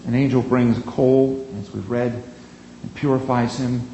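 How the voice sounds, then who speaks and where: A man preaching a sermon in an earnest, emphatic way, leaning on key words with dramatic pauses. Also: medium pitch, little pitch movement, vocal fry, dark tone, reverberant, lo-fi sound, a little hiss or hum.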